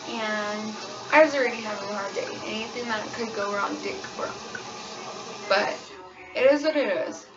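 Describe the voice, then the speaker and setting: A woman's voice: fairly high pitch, recorded from a distance. A young woman who works as a waitress, talking candidly in a personal vlog about her own experience. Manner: candid, frank, storytelling. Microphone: phone camera. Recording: dull lo-fi phone recording, voice a bit off-mic, pop song playing behind. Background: pop song playing on repeat.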